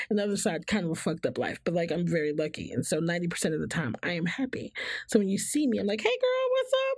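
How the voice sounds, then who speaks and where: A woman's voice: lowish voice, vocal fry, breathy edge, dry recording. A woman guest talking candidly about her life, laughing often and acting out the voices of people she quotes. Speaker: podcast guest. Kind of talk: candid personal conversation.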